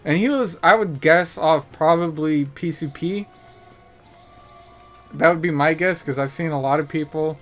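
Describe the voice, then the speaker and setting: A man hosting a podcast, telling stories in a profane, animated way and acting out the people he quotes. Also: on the high side, measured pace, faint music behind. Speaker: podcast host. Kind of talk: casual storytelling.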